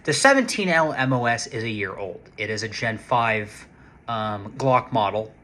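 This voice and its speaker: A man's voice: fairly low pitch, normal speed. A man telling a casual, rambling story to camera, restarting his sentences and swearing for emphasis. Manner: rambling, restarts often, excited and profane about guns. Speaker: vlogger, casino security worker.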